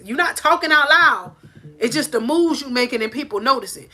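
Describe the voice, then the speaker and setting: Woman preaching motivation into her phone on the porch, bright and a bit high, keeps saying it with emphasis. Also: animated, brisk. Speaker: life coach. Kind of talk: motivational talk to camera. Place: on a porch outdoors. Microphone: phone held in hand.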